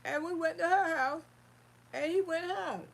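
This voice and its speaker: Woman, high voice, gravelly fry, live-stream host, animated casual storytelling. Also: normal speed. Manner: animated, calls listeners honey and baby.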